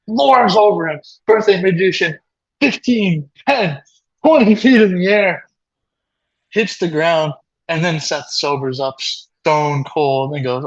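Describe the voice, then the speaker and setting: A man co-hosting a comedy video, telling an absurd confession with mock seriousness, often laughing and shouting out quoted lines. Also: fairly high pitch, unhurried, lo-fi sound. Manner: laughing through absurd confessions, breaking into loud acted quotes. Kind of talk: deadpan mock apology, improvised comedy. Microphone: video call.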